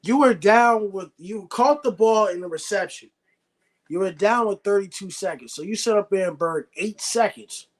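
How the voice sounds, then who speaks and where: Young male streamer, high-pitched, excitable, argumentative live watch-along commentary. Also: moderate pace. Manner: excitable, argumentative, reads chat aloud.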